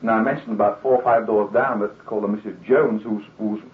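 A man's voice: on the low side, fairly even intonation, fast talker. Male preacher from England, conversational radio sermon, plays out the people he quotes; tinny broadcast sound with room echo. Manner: earnest, conversational, acts out quoted voices.

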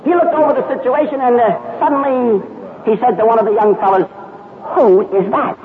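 A man's voice: very high voice, quick pace. A man preaching a sermon, telling a Bible story dramatically and acting out the characters' speech. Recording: tinny phone-like radio broadcast with crowd noise.

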